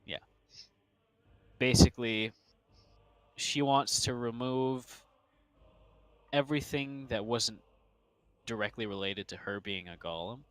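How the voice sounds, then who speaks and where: Slow, hesitant male game master. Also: medium pitch, steady tone, a bit bright, smooth, dry recording. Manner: slow, hesitant, with many fillers. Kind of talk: narrating a tabletop game. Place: home streaming setup.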